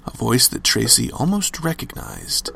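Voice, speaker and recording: A man's voice: medium pitch, huge pitch swings, normal speed, creaky, pushed and bright, slight background noise. A man narrating a scripted horror story with dramatic, varied emphasis.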